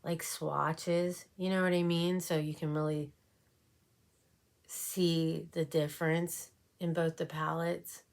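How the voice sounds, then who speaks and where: A woman's voice: low-pitched, little pitch movement, takes it slowly, gravelly. A woman beauty vlogger chatting casually and rambling while doing her makeup. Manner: chatty, rambling, with frequent fillers. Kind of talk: casual makeup tutorial chat.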